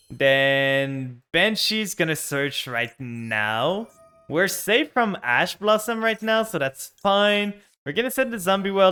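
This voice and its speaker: A man's voice: fairly high pitch, sharp tone, clear, resonant tone. A young man streaming a card game, commenting live on his plays and ranting with frustration at his opponent.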